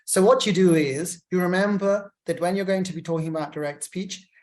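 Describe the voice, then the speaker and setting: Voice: medium pitch, brisk, a little mellow. A lecturer teaching legal writing, reading example sentences aloud and naming each punctuation mark, with chatty asides to students. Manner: explains step by step, reads examples aloud with punctuation.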